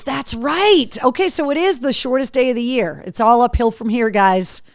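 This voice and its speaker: A woman's voice: a little high, no echo, clean studio sound. A woman hosting a casual live show, chatting to her dogs in a coaxing voice and reading out viewer comments. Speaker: host. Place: home studio room.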